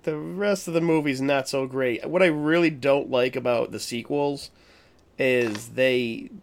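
A man in a relaxed podcast conversation, middle of the road in pitch. He rambles, circles back on himself and swears freely to stress his opinions. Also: measured pace, a little hiss or hum. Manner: profane, emphatic, rambling with restarts. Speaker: podcast co-host. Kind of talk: casual horror movie chat.

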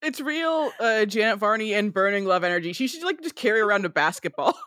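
A woman's voice: medium pitch, expressive, fast talker, fairly bright tone, no echo, studio quality. A woman co-hosting a podcast in casual chat, making wry jokes, laughing and swearing. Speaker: podcast co-host.

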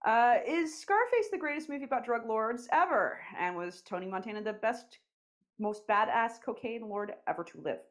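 A woman's voice: on the high side, expressive, normal speed. A young woman hosting a casual podcast, reading out questions and teasing with a giggly manner. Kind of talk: casual chat.

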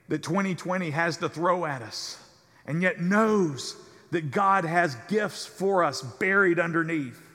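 Male pastor, sermon, bright and slightly high, measured cadence, long church reverb. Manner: measured preaching cadence, drops soft at phrase ends.

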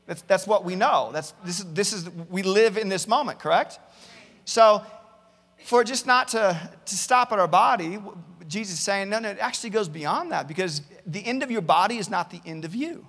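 A man's voice: high voice, expressive, normal speed, a bit bright, big-room sound. A male pastor preaching a sermon, earnestly reading out many Bible verses and often repeating words as he starts a thought. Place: church campus, large hall.

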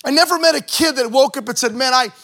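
High, bright-voiced male pastor preaching. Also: fast, gravelly. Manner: animated preaching, acting out Bible scenes with shouts and joking asides. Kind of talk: sermon.

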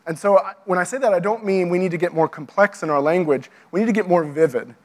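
A man's voice: sits high, fast. A man giving an earnest lecture to pastors and worship leaders, often restarting his phrases and using fillers.

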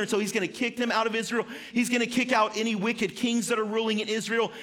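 High-voiced earnest male pastor. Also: level tone, fast talker, few pauses, sharp tone. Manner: conversational, earnest preaching with repeated phrases. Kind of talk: sermon. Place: church sanctuary.

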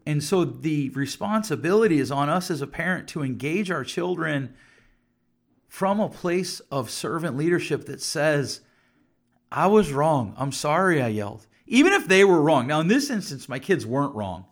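A middle-aged man talking openly about being a parent, with a voice that sits a little high for a man. He speaks in a frank, self-disclosing way and slips into quick voiced snippets of conversations with his kids. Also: sing-song. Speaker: parenting podcast host and counselor. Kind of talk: reflective solo talk to camera.

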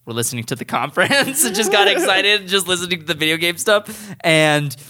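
A young man co-hosting a casual podcast, telling a story in an animated, laughing way. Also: high-pitched, a little fast. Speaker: podcast co-host. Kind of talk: casual chat.

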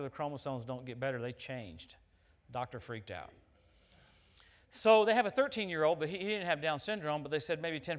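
A middle-aged man preaching, his voice sitting a little high for a man. He moves from booming, emphatic declarations to low, confiding storytelling, and he chuckles easily between points. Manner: animated, laughs at his own stories. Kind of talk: sermon.

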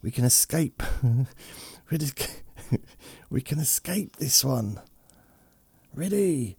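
A tiny scheming flea, as a man puts it on chatters in a raised, conspiratorial voice, urging its friends to escape. The tone is impish and giddy. It sits well above the performer's own gravelly register. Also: medium pitch, animated, slow pace, darkish tone, dry recording, voice pushed up, heavily acted. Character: scheming fleas plotting to jump ship.

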